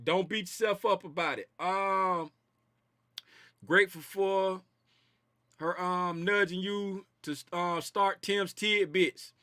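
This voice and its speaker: A man's voice: sits high, fairly even intonation, slow pace, sharp tone, no echo, studio quality. A man hosting a casual trading livestream, reading viewer comments in a loose, slangy way and repeating his phrases. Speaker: trading stream host.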